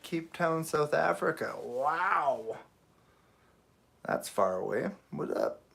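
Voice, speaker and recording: Man, livestream host, casual chat with viewers, gravelly, animated pitch. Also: slow pace. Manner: easygoing, joking, chatty with frequent ums. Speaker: knife-making livestream host. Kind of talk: casual live chat answering viewer comments.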